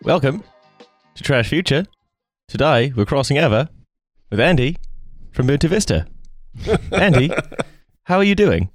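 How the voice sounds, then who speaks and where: A man's voice: on the high side, big pitch swings, a little slow, pauses often, soft background music. A man hosting a comedy podcast, steering the chat in a wry, giggly way. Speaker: podcast host.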